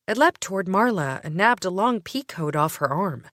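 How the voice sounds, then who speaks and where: A woman narrating a first-person audiobook with expressive, sardonic delivery. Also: medium pitch, moderate pace, no echo.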